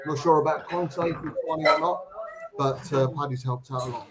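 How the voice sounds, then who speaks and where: A man's voice: fairly high pitch, fairly even intonation, brisk, noisy background. A man co-hosting a casual live stream, chatting in an easygoing, jokey way. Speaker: co-host.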